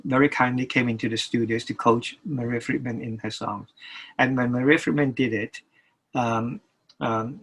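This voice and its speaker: Older man, husky and halting. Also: mid-range voice, a bit bright, poor audio. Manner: halting, many restarts and repeated words. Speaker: record label producer. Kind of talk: interview guest talk.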